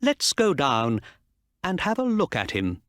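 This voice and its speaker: A man voicing a calm, clever middle-aged male detective who explains things patiently. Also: on the high side, a little slow, no room sound, clean studio sound, pitched above the performer's own voice, heavily acted.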